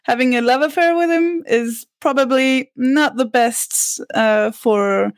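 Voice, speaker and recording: A woman debating on a casual podcast, speaking thoughtfully and pausing to search for words. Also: sits high, no echo.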